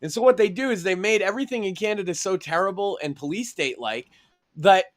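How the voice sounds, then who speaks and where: Male podcast co-host, crude and brash, high register, loves mocking impressions. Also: quick pace. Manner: brash, profane, mocking mimicry. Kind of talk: crude comedic podcast banter.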